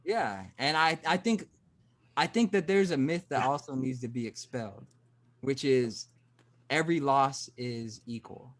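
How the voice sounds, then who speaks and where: A man in casual podcast talk, working ideas out as he goes. His voice sits at a middle pitch, and he restarts his sentences often. He gets animated when he acts out an example. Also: a little slow. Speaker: podcast host. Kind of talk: casual conversation.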